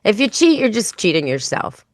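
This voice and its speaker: A woman's voice: mid-range voice, sing-song, moderate pace, no echo, studio quality. A woman hosting a pet radio show, chatting casually and playfully. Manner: chatty, playful, imitates animal sounds. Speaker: podcast host.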